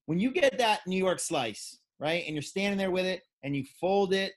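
A man's voice: sits high, lively intonation, normal speed. A man hosting a surf podcast, teasing his co-host and his guest in a playful way. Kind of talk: casual chat.

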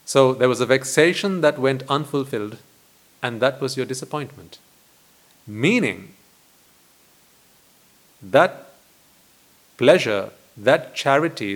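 Man giving a deliberate dharma talk. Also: medium pitch, lively intonation. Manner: deliberate, with rhetorical questions and repetition. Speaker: Buddhist monk teaching.

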